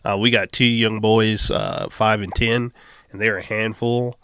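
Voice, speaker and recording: A man telling his story as a podcast guest in casual conversation, easygoing and quick to laugh. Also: fairly low pitch, fairly even intonation, creaky, a bit bright, smooth.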